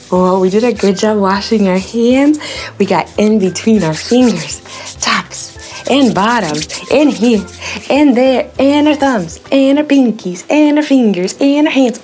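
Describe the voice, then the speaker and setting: Woman, toddler show host, slow, sing-song, exaggerated teacher voice. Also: on the high side, animated, darkish tone, faint music behind. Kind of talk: toddler learning lesson.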